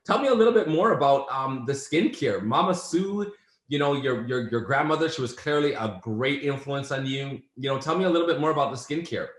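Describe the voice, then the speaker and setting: A man's voice: mid-range voice, expressive, fairly quick. Man interviewing in an echoey room. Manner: encouraging, backchannels and restates the guest's points. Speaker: interviewer, host. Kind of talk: casual interview.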